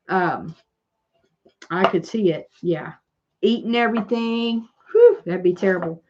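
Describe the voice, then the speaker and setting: Southern woman, crafting livestream host, slow rambling chat with viewers, slightly dull lo-fi sound. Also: mid-range voice, big pitch swings, noisy background. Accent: Southern American. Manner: rambling, chatty, reads and answers live comments.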